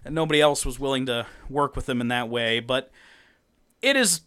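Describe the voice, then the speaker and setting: A man co-hosting a podcast, recapping a comic in casual chat, animated, laughing often and swearing freely. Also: mid-range voice, normal speed, clean tone. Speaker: podcast co-host.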